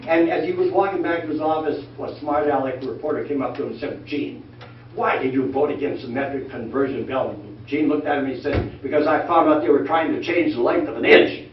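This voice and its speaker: An older man telling folksy, animated stories about his working life to a church class, acting out the voices of the people he quotes. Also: a little high, a little fast. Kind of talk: anecdotal storytelling talk. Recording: echoey room from far off, dull lo-fi sound, faint noise.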